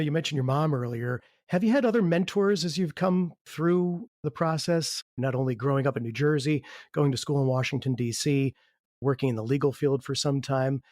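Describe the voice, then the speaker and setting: A man hosting a podcast interview, asking long, measured questions. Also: a little high, a little mellow, dry recording, clean studio sound. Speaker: podcast host.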